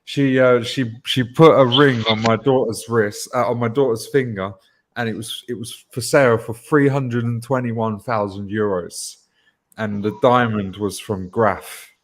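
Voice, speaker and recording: A man chatting casually as co-host of a group talk show, telling stories with a wry, soft-trailing delivery. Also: medium pitch, steady tone, a little slow.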